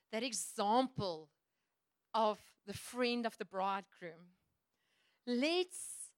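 Bright-voiced woman preaching. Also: mid-range voice, clean tone, no room sound, studio quality. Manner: earnest, chatty, laughs easily. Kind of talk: sermon. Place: church.

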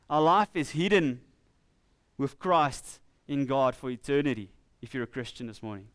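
A man with a South African accent preaching a sermon in church, earnest and conversational, slowing down to read scripture with emphasis. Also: fairly high pitch, fairly bright tone, clear, resonant tone, dry recording. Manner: earnest, with laughing asides and slow emphatic scripture reading.

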